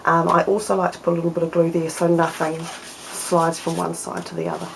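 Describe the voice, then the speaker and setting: Chatty woman with a lowish voice. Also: little pitch movement, a little fast, gravelly, slight background noise, low-quality recording. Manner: chatty, explains step by step with fillers. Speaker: papercraft tutorial host. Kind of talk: casual craft tutorial.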